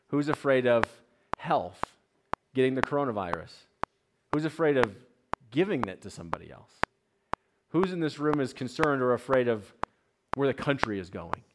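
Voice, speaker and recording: A male pastor in his thirties preaches to a gathered congregation, telling stories and asking the room direct questions. His voice sits at an everyday middle pitch. The live church recording carries clear background noise. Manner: prays softly, then preaches with lively storytelling and questions to the room. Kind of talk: sermon.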